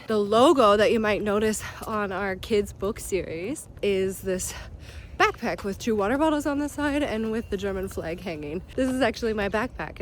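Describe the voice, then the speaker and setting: A woman's voice: medium pitch, slight background noise. A Canadian woman in her thirties chatting casually to camera in a vlog, laughing often and dropping German words into her English. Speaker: vlogger, mother.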